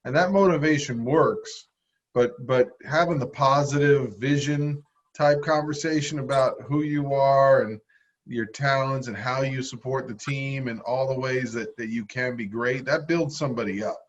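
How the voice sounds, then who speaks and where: A man's voice: mid-range voice, moderate pace. A man hosting a podcast, reflecting on and summing up his guest's story in an interview chat. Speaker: podcast host. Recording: dull lo-fi audio.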